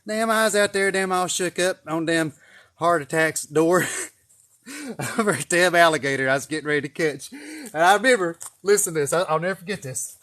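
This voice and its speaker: A young man with a slightly high voice vlogs at a brisk clip, spinning a wandering, casual tale. Along the way he curses plenty and laughs at himself in an animated way.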